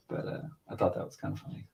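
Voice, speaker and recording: The voice is lowish and creaky, with a little hiss or hum on the recording. It belongs to a thirty-something father co-hosting a podcast, who rambles through a lengthy story in casual conversation and pitches up when quoting others.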